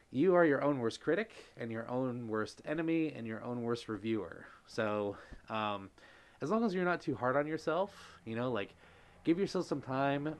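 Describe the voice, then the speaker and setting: Gushing male streamer with a lively voice. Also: mid-range voice. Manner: gushing, effusive, exclaims often. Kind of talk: casual live-stream chat reading comments.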